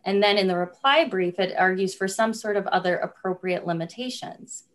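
A woman's voice: mid-range voice, moderate pace. A woman, an attorney for a state agency, giving a formal and persuasive appellate argument. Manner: formal, persuasive, asks listeners to imagine cases. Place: courtroom.

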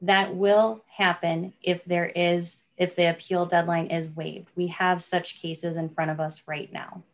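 A woman's voice: fairly low pitch, flat delivery, a little slow, few pauses. A woman, an attorney for a state agency, giving a formal and persuasive appellate argument. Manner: formal, persuasive, asks listeners to imagine cases. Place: courtroom.

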